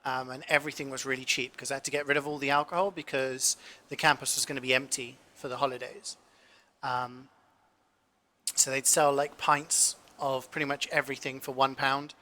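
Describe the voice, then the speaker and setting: Bright-voiced man chatting while cooking. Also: mid-range voice, little pitch movement, a little fast. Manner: rambling anecdotes with frequent fillers and swearing. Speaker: cooking streamer. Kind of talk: casual chat while cooking.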